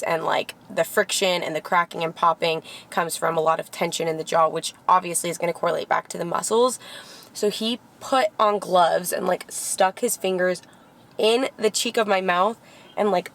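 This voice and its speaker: A young woman vlogger telling a personal story in a candid, heartfelt way, with lots of "like" fillers. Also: fairly low pitch. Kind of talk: casual vlog storytelling. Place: Los Angeles area.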